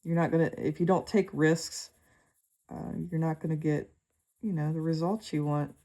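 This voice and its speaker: A woman talking viewers through a colored pencil drawing in a relaxed, chatty way, with lots of fillers and trailing thoughts. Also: low voice, moderate pace. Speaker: art tutor. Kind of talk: relaxed draw-with-me instruction.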